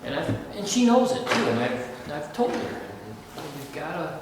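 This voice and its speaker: A man in a study group telling a rambling story, with halting restarts. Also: high voice, sing-song. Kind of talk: casual group discussion. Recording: distant echoey room with noise.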